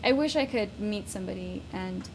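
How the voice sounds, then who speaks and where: Woman musician guest, soft and musing with giggles, noisy home recording. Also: mid-range voice, animated, normal speed. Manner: soft, thoughtful, giggly, many fillers. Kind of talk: casual late-night interview.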